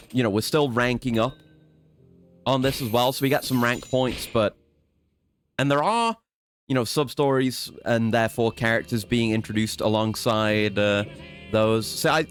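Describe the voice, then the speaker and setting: A man's voice: medium pitch, moderate pace, faint music behind. A man streaming a video game, rambling and swearing casually as he plans his next moves and mocks himself. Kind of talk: casual let's-play commentary.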